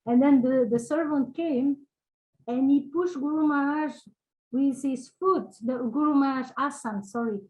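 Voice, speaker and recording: A woman sharing personal memories in casual, halting speech, searching for words with many fillers and little laughs. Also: sits high, darkish tone, low-quality recording. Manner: laughs between phrases. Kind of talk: casual spoken reminiscence.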